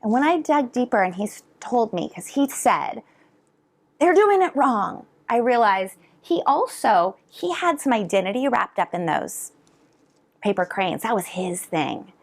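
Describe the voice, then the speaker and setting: A middle-aged woman educator giving a conference talk to parents and teachers, animated and drawing answers from the audience. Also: medium pitch, moderate pace. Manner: animated, asks the audience to respond. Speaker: educator presenter. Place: conference hall.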